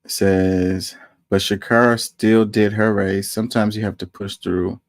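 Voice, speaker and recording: A man casually commenting on news and reading viewer comments aloud, with animated rhetorical questions. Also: fairly low pitch, measured pace, no room sound, clean studio sound.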